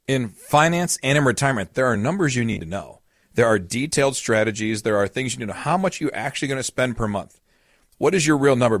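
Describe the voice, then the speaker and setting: A man's voice: mid-range voice, no echo, clean studio sound. A man hosting a podcast as a financial advisor, explaining with family stories and repeating key points for emphasis. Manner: earnest, explains with family anecdotes and acted-out quotes.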